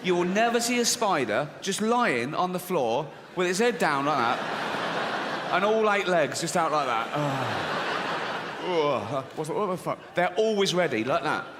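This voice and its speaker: A man's voice: fairly high pitch, unhurried, heavy background noise. A man performing a profane stand-up comedy set, acting out characters as he tells his jokes. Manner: animated, profane, acts out characters. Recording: reverberant hall with faint ambience.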